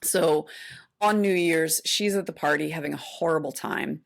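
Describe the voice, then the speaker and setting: A woman in her forties with a low voice and a gravelly fry talks casually as a podcast co-host. She recaps a movie in loose, animated retelling, full of "like" and "uh" and restarted phrases. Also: moderate pace. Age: 40s. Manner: animated retelling with many fillers. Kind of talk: casual chat.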